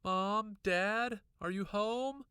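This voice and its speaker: Casting: man voicing a young girl, high and shrill, frantic and breathless, storybook reading. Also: expressive, unhurried, bright, forceful tone, clean tone, no echo, studio quality, exaggerated voice. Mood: urgent. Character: excitable young girl, frustrated, insistent.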